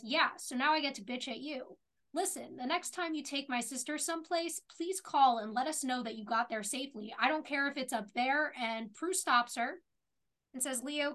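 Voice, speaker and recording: Bright-voiced woman recapping an episode. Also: a little high. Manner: retells scenes at length, reading out dialogue with many "she says". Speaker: podcast co-host. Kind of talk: casual chat and episode recap.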